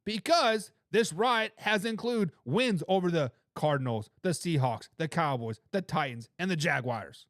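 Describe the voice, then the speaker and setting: In a dry, studio-quality recording, a man with a slightly high voice hosts a football talk show, unhurried yet with hardly any pauses. He reads chat comments and argues emphatically, animated and opinionated, repeating phrases to drive points home.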